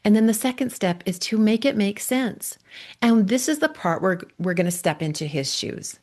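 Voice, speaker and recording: A woman coach and podcast host giving a gentle, earnest faith-based talk on marriage, often checking in with "right?". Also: mid-range voice, normal speed.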